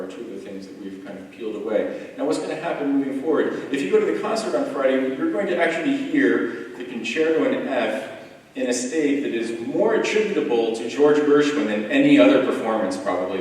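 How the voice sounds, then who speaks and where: A man on a music panel explaining an edition in a thoughtful lecture style, with many ums and restarts. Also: lowish voice. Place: large echoey hall. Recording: echoey hall recording from far off.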